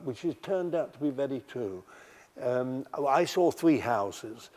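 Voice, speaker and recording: An older man telling stories from his life in a documentary interview, halting and often restarting his sentences. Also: mid-range voice, animated, a little mellow, in a large hall. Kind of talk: recounting memories in a documentary interview.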